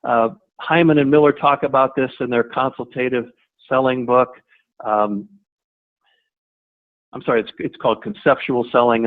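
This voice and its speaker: A man leading a sales training webinar, talking conversationally, repeating himself and restarting, and acting out short replies. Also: mid-range voice. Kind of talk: webinar presentation. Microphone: webinar audio line. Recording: tinny phone-line audio.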